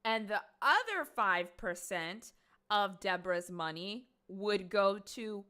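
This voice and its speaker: A woman's voice: medium pitch, slow. Chatty woman telling a true crime story. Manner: chatty, animated, swears for emphasis. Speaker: streamer host.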